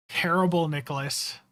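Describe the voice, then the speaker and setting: A man's voice: fairly high pitch, a bit bright. A man hosting a live game stream, chatting in an easygoing, rambling way with plenty of fillers. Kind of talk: casual live-stream chat.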